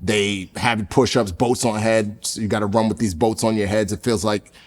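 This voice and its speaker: Speaking at a normal speed with fairly even intonation, this man has a lowish voice. He's a former Navy SEAL trainee guesting on a podcast, sharing sincere, casual stories studded with fillers.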